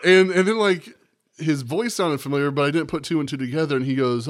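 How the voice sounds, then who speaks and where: A man's voice: fairly high pitch, fast. Rambling, profane male podcast host. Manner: rambling, profane, acts out quotes. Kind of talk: casual storytelling chat.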